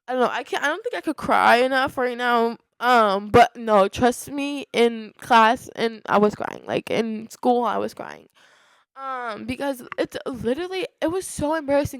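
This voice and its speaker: A woman's voice: on the high side, no room sound. A young woman in her late teens hosting a casual solo podcast, rambling through a story with many restarts and "like" fillers. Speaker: podcast host.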